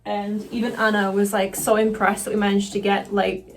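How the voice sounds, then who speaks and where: A woman chatting casually through a makeup tutorial, excitable and quick to swear. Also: medium pitch. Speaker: cosplayer doing a makeup tutorial.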